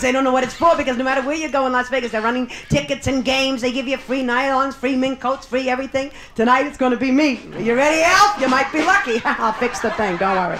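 A woman's voice: sits high, background noise. A woman doing bawdy live stand-up comedy in a Las Vegas showroom, teasing the audience with brassy banter. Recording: roomy live club recording, loud crowd.

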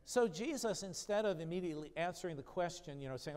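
A man's voice: fairly high pitch, lively intonation, quick pace, few pauses, a little mellow. Preaching man in a reverberant church. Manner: reads scripture aloud with rising emphasis, then explains it conversationally. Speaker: pastor. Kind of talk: sermon. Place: church sanctuary.

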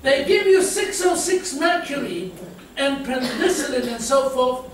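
A middle-aged South African man preaches with a high, light voice, playfully acting out quotes and stories. He is picked up from far off in a big church hall with heavy echo. There is steady noise behind him. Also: a little slow. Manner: humorous, storytelling, acts out quotes. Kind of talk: sermon. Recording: echoey hall from far off, noisy.

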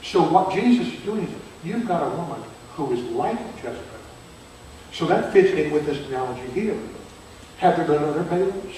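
Older teacher in an echoey church. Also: male voice, on the high side, lively intonation, moderate pace. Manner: conversational, asks the audience questions, grows loud and emphatic. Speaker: seminary professor leading a church seminar. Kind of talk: Bible seminar lecture. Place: church hall. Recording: very echoey hall from far off, faint noise.

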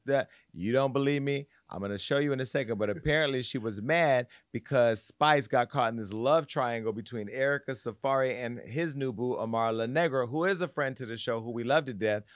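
A man's voice: medium pitch, brisk, no echo, clean studio sound. A man hosting a pop culture podcast, talking bluntly and candidly with crude jokes. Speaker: podcast host. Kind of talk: casual pop culture gossip.

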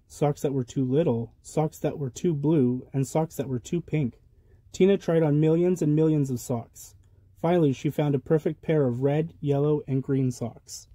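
A man reading a children's picture book aloud with a lively, rhythmic delivery of sound words. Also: mid-range voice, no room sound. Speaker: storybook reader. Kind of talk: children's storybook read-aloud.

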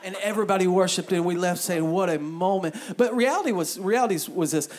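A man's voice: high-pitched, fast, some chatter behind. A man in his thirties preaching a sermon as pastor in a church, joking and acting out inner voices. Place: church sanctuary.

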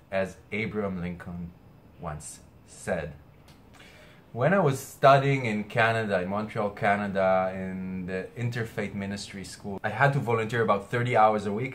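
A man's voice: low voice, a little hiss or hum. A man astrologer speaking earnestly to camera, hesitating and restarting often, with something caught in his throat. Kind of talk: weekly spiritual message to camera.

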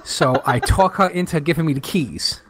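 A man in his thirties from New York, co-hosting a podcast and telling a long story with lively acted-out quotes. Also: a little high, moderate pace, slight background noise. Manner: animated, acts out quoted friends in raised voices. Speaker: podcast co-host. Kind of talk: casual storytelling chat.

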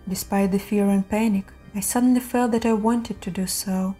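A woman narrating horror stories in a steady, measured reading voice. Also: medium pitch, faint music behind. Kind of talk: scripted horror story narration.

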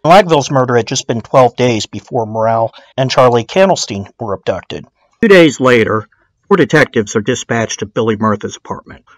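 A man's voice: medium pitch, lively intonation, moderate pace, no echo. A man narrating a true-crime documentary in a casual storytelling way, dropping in blunt, swearing asides.

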